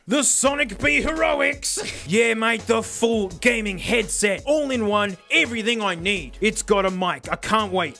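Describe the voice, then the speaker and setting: A man's voice: sits high, sharp tone. A young Australian man doing a comedic, sarcastic unboxing review of cheap headphones, laughing often. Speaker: tech reviewer.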